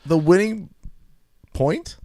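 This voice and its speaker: A man's voice: sits high, slow, mellow, no room sound, clean studio sound. A male host in casual comedic chat, teasing and laughing often while reading aloud.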